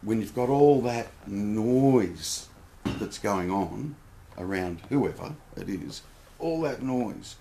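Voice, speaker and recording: A man's voice: on the low side, animated, slow, vocal fry, noisy background. A man giving a casual spiritual talk as a teacher, blunt and questioning, swearing freely. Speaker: nonduality teacher.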